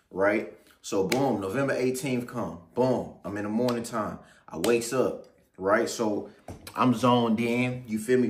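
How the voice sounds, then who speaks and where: A man's voice: on the low side, a little hiss or hum. Slangy man telling a rambling story. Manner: slangy, rambling, keeps asking "you feel me". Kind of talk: casual story time. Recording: roomy echo.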